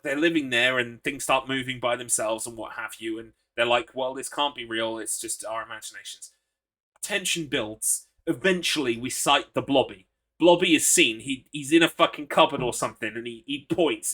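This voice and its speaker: A man's voice: mid-range voice, moderate pace, sharp tone. A man chatting casually while live-streaming a horror game, rambling, swearing and laughing as he greets viewers.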